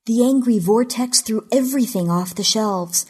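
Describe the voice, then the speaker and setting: A woman narrating a fantasy short story in a measured, deliberate storytelling delivery. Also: fairly high pitch, a little mellow, breathy edge. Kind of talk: scripted audiobook narration of fiction.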